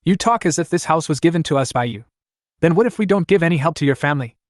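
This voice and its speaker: A man voicing a sharp-tongued, cool young woman heroine who mocks calmly. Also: on the high side, a little fast, dry recording, clean studio sound, close to an everyday voice. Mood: mocking. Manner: mocking, calm.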